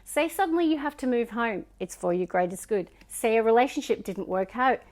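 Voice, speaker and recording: A woman's voice: a little high, expressive, brisk. Chatty Scottish woman reading tarot. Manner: musing, chatty, drifts into soft murmurs between cards. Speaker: tarot reader. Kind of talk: casual tarot card reading.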